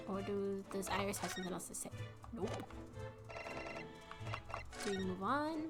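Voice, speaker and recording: A woman live-streaming a game, reading its dialogue aloud and reacting with lively, animated comments. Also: mid-range voice, moderate pace, long pauses. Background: game music.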